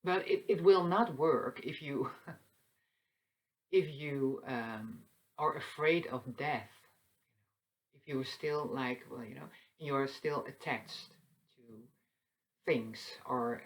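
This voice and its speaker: A woman hosting a spiritual talk that moves into a guided meditation, speaking softly and meandering, with light laughs. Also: rumbling low, low-quality recording. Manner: soft, slow and meandering, with frequent fillers and light laughs. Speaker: spiritual channel host. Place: seated indoors.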